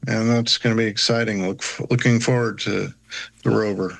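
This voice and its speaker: A man co-hosting a casual space science podcast, playful and a bit halting, with fillers. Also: fairly low pitch, steady tone, vocal fry.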